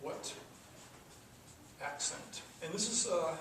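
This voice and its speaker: A man's voice: on the high side, expressive, takes it slowly. A man teaching a classroom coding lesson, talking through the code step by step with casual asides. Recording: echoey classroom from far off with noise.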